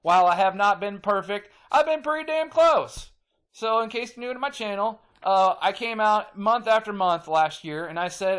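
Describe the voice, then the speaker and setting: Speaking in a high-pitched, fairly bright and clean voice at a moderate pace, this channel host rants emphatically to the camera. He repeats himself, swears casually, and gets more and more worked up.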